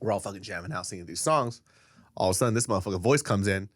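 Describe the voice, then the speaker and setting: A man's voice: lowish voice, lively intonation, very fast, dry recording. Blunt joking man, dry close sound. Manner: blunt, swears, mocking jokes. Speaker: podcast co-host. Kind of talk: casual chat.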